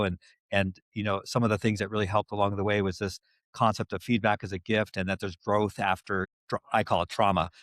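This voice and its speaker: His voice is fairly low and a bit bright, captured dry at studio quality. As host of a casual podcast interview, he asks meandering questions and recaps the discussion, often starting sentences over.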